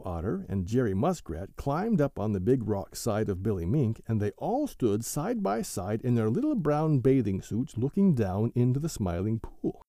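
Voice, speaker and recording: Man reading a kids' story, super dark mellow voice, lots of lilt, dry sound. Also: mid-range voice, normal speed, hardly any pauses, no echo. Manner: animated, gentle storytelling. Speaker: podcast host and narrator. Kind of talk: children's storybook narration.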